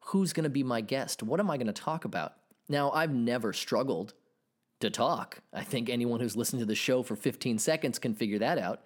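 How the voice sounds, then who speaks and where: Solo podcast host, thirties man, swears freely, voice swings up and down a lot. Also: medium pitch. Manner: animated, profane ranting.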